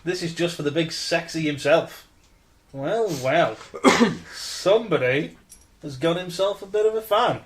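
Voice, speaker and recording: A man's voice: fairly high pitch, measured pace, pauses often. A man co-hosting a podcast, teasing the others in a playful, mock-dramatic way. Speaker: podcast co-host. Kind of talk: casual group chat.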